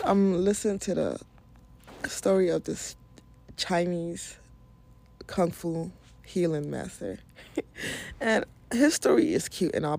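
A woman's voice: mid-range voice, vocal fry, darkish tone. A woman from Nigeria hosting a podcast, talking casually and frankly about wellness, swearing freely and often laughing. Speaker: podcast host. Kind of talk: casual spiritual wellness monologue.

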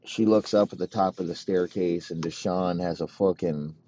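A man telling a crude, rambling comedic story in a profane, deadpan way. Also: low voice, normal speed. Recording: dull lo-fi recording.

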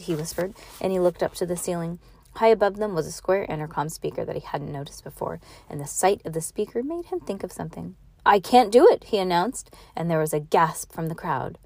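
A woman's voice: fairly low pitch, a little mellow, no echo. A woman reading a novel aloud to her child in a casual, homey way, now and then stumbling over a word and starting the line again. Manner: casual, stumbles and restarts, laughs and comments between passages.

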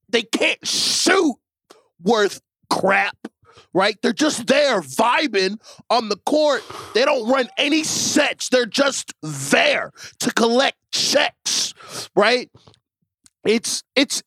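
A man's voice: very high-pitched, a bit bright, no room sound. A man, a guest on a sports podcast, delivering an exasperated comedic rant full of rhetorical questions. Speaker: guest ranting about his team.

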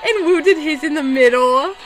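A woman co-hosting a podcast, chatting casually and excitably as she reacts to a cartoon episode, often giggling and exclaiming. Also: sits high, normal speed, loud music behind the voice. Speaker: podcast co-host.

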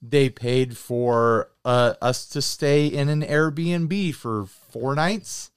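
A man co-hosting a podcast, chatting in a relaxed, rambling way and thanking listeners. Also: medium pitch, very slow, clean tone, dry recording, clean studio sound. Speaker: podcast co-host. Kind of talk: casual chat.

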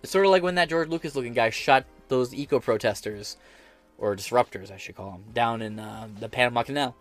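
A man's voice: medium pitch, a little fast, soft background music. An American man hosting a podcast, giving blunt, profane and sarcastic political commentary while reading headlines aloud. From United States. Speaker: podcast host.

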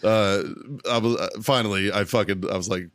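A man's voice: fairly low pitch, fairly even intonation, a little fast, a bit bright, no room sound, studio quality. A man co-hosting a podcast, telling a story in casual, profane chat and laughing often along the way. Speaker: podcast co-host.

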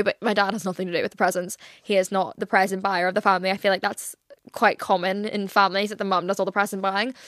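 A woman's voice: medium pitch, a bit bright, no echo. A young woman hosting her own podcast, talking in a candid, rambling way and swearing freely. She is teary and close to crying. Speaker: podcast host. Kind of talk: casual solo podcast chat.

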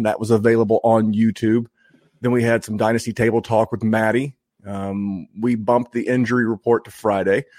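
A man's voice: on the low side, a little mellow, no echo, clean studio sound. A man from Indiana hosting a fantasy football podcast in a chatty, joking way with frequent restarts. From Indiana, USA. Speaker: podcast host. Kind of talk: casual podcast intro.

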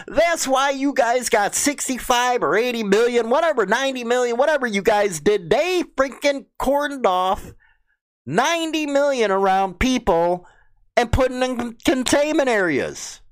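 In a profane political rant, a Chicago-accented vlogger reads out the news and angrily mocks it, swearing constantly in a crude, indignant manner. His voice is very high-pitched and expressive, delivered at normal speed and sounding smooth.

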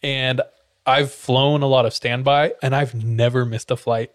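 A man's voice: mid-range voice, a little slow, dry recording, clean studio sound. A young man co-hosting a podcast, telling a story in casual chat and acting out the voices of people in it. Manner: animated, acts out quotes with sound effects and laughs. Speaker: podcast co-host.

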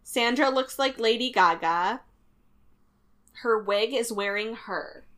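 A woman's voice: on the high side, slow, a bit bright. A young woman co-hosting a podcast, recapping a TV show with dry, teasing remarks. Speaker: podcast co-host. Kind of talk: casual chat recapping a TV show.

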